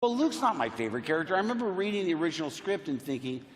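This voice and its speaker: A man's voice: on the high side, sing-song, racing. A man telling anecdotes as an actor on a convention panel, acting out the people in his stories. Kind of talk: anecdotal storytelling on a convention stage. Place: large convention hall. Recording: echoey hall with faint crowd noise.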